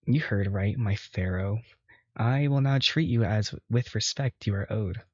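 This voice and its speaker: A man's voice: fairly low pitch, unhurried, dry recording, highs cut off. A man voicing a huge male minotaur, formal and devoted, turning playfully defiant, in a visual novel read aloud. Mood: mock formal.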